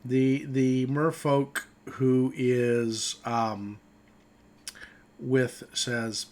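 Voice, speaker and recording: A man narrating a tabletop game as its game master, speaking slowly at a mid pitch. He thinks aloud, reads rules, and chuckles along in a relaxed, easygoing way. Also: a little hiss or hum.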